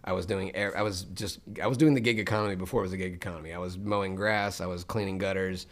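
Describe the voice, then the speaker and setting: A man's voice: low-pitched, fast. A man from Memphis, Tennessee, a voice actor telling stories animatedly as a guest in a casual interview. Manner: animated storyteller who slips into voices.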